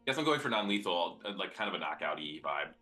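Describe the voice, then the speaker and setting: A man with an extremely deep yet bright voice chats casually as a player in a tabletop game. He talks in a loose, easygoing way, and faint music sits behind him. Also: sing-song, quick pace. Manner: casual, laid-back with fillers. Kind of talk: tabletop role-play chat.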